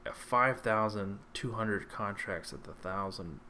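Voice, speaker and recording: A man with a fairly low voice talks through viewer questions in a loose, conversational livestream. He hesitates often, filling gaps with ums and restarting sentences. A faint background noise sits under the desk-mic recording. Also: unhurried, bright, forceful tone. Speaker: stock trading livestream host. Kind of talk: casual livestream chat answering viewer questions.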